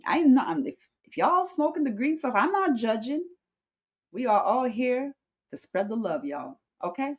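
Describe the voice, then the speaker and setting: A woman's voice: mid-range voice, slightly rough. A middle-aged woman whose first language is French, hosting a casual livestream chat in a sassy, chatty way, calling her viewers y'all and honey. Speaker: host.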